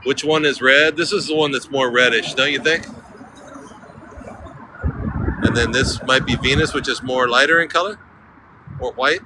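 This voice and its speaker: A man's voice: medium pitch, moderate pace, long pauses. A man joking and chatting with viewers as he live-streams outdoors on a bridge, now and then breaking into a bit of song. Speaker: vlogger. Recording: outdoor street recording, noise behind.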